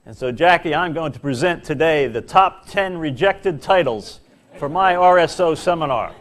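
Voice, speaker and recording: Animated man telling comic stories. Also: on the high side. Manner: animated, self-mocking storytelling with dramatic pauses. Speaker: corporate speaker at an employee seminar. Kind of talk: comic speech to a live audience. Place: large hall before an audience.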